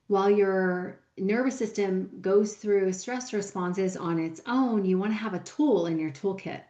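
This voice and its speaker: A woman co-hosting a podcast as a coach, explaining steadily in a gentle teaching tone. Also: mid-range voice, a little slow, echoey room, dull audio. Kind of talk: casual podcast conversation.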